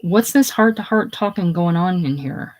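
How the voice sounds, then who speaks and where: Brief: reader doing a proud, touchy man, defensive and snappish, in a play read-through, mid pitch. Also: lively intonation, normal speed, lightly acted. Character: touchy, prideful shaken man. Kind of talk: casual solo play reading.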